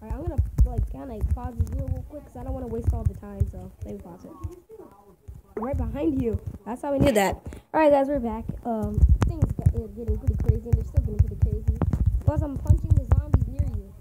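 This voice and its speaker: Excitable young woman, high voice, loud noise. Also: quick pace. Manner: excitable, yelps and laughs while playing. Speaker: gaming video host. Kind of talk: casual gameplay commentary.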